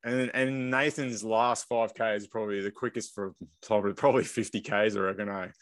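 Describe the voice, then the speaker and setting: A man with a low voice spins a lively story for his co-host, jumping into other people's lines as he goes. The sound is close and dry. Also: brisk, dry recording. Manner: lively storyteller who acts out quoted speech. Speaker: podcast co-host and race pacer. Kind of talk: casual race recap chat.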